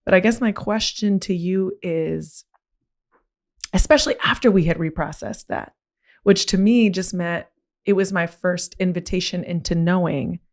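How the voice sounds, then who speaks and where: A woman hosting a podcast, telling a personal story in a candid, slangy way, her voice climbing when she gets worked up. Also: moderate pace. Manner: animated, rising pitch when excited; casual, slangy. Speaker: podcast host.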